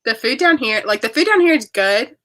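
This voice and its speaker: A woman's voice: fairly high pitch, expressive, a little fast, fairly bright tone, no room sound. A woman who is a guest on a livestream, chatting in an easygoing way with dry humor. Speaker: guest on a stream. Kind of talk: casual chat.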